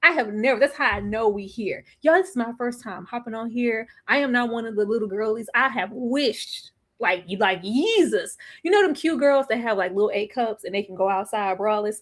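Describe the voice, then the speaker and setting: A young woman chats casually to her live audience, laughing often and drawing out her phrases. Her voice sits high and swings widely in pitch, bouncing up with every joke. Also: lively intonation, normal speed, hardly any pauses. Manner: chatty, laughs often, drawls phrases, slips into playful quoted voices. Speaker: TV recap vlogger.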